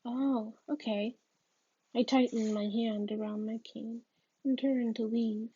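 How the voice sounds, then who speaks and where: A woman's voice: on the high side, little pitch movement, a little slow, dark tone, breathy edge, no echo, muffled recording. A woman reading a novel aloud, hesitant and often restarting her sentences. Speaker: reader.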